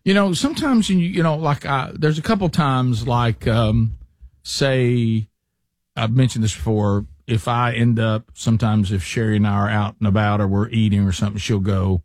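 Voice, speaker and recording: A man's voice: mid-range voice, normal speed, a little mellow, dry recording. A middle-aged man hosting a radio show, reading a sponsor spot and telling rambling stories with many restarts. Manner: chatty storyteller, frequent restarts and fillers. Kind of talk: casual talk radio chat and live ad read.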